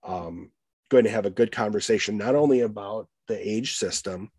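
A man with an American Midwest accent hosts a relaxed podcast conversation. His voice sits fairly low, and he talks haltingly, filling pauses with ums and restarting his sentences. The sound is dry and close, with no room echo. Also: slightly rough. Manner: halting, many fillers and restarts. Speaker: podcast host. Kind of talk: casual interview chat.

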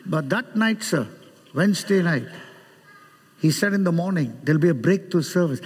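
A man's voice: a little high, normal speed, slightly rough, long reverb tail. A man with an Indian accent preaching a sermon, telling stories, acting out the people in them and laughing often. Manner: animated, mimics others in quoted dialogue, laughs often. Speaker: guest preacher. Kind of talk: sermon with storytelling.

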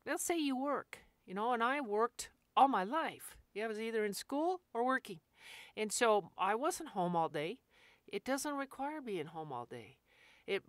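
A middle-aged woman dog trainer talks through her advice in a blunt, folksy, emphatic way. Her voice sits at an ordinary pitch and is recorded close and dry, with no room sound. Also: no room sound. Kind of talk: casual podcast advice.

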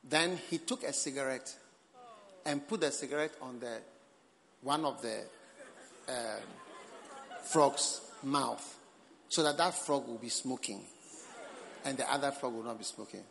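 A man's voice: medium pitch, measured pace, creaky, pauses often, a little hiss or hum. Playful male preacher in a reverberant hall. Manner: animated, playful, teasing the congregation. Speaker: pastor. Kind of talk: sermon. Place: large church hall. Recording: reverberant hall, faint ambience.

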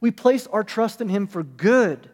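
Preaching with earnest conviction, this high-voiced man builds his sermon from repeated parallel phrases, speaking at a measured pace. His voice is animated with a darkish tone, and a long reverb carries it across the large sanctuary.

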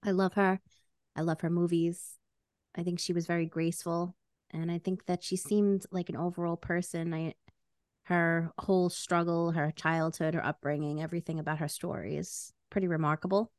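A woman's voice: lowish voice, level tone, normal speed, no echo, studio quality. A young adult woman co-hosting a podcast, playful and jokey in casual chat. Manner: playful, jokey, puts on loud silly voices. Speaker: podcast co-host.

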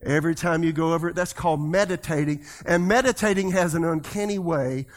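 A pastor preaching a sermon, leading the congregation in call-and-response and swinging his voice between loud and soft. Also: a little high, a little fast.

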